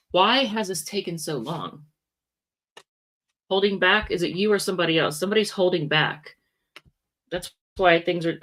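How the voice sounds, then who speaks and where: A woman's voice: lowish voice, fairly bright tone, a little hiss or hum. A woman giving a casual, rambling tarot reading, often stopping to correct herself. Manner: rambling, self-correcting, chatty asides. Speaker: tarot reader.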